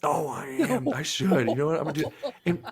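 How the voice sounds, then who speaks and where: A young man hosting a podcast, telling profane, animated stories in casual chat, often acting out other people's lines. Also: a little high, a little fast, creaky. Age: young adult. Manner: profane, animated storytelling with voiced quotes. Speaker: podcast host.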